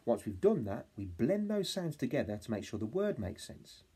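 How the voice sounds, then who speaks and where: A young male teacher from England talking to young children in a home-learning phonics lesson, saying words slowly sound by sound and prompting them to repeat after him. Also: mid-range voice, very animated, warm tone, breathy edge. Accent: English. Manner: slow, sound-by-sound modelling with call-and-response prompts. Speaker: reception class teacher.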